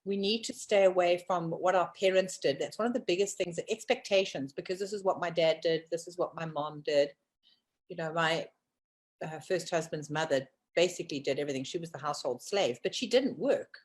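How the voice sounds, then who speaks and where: A middle-aged woman co-hosting a casual talk show, chatting and telling stories. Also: brisk. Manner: chatty storyteller, doing squeaky voices for animals in a joke. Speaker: co-host. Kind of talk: casual chat.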